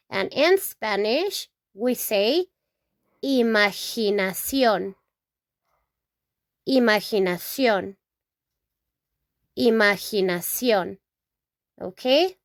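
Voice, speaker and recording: A woman teaching the Spanish alphabet, saying each word slowly several times and checking in with "okay?". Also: fairly high pitch, dry recording, clean studio sound. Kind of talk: slow alphabet lesson with repetition.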